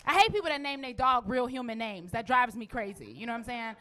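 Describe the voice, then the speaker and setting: A woman's voice: on the high side, lively intonation, fast talker, few pauses, sharp tone. A woman in her forties performing a brash, profane stand-up comedy routine with a punchy delivery. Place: comedy stage.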